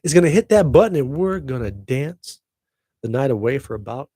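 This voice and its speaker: A man's voice: medium pitch, expressive, normal speed, dark tone, no echo. A middle-aged man hosting his own podcast, chatty and upbeat with jokey asides. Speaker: podcast host. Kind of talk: casual solo podcast chat.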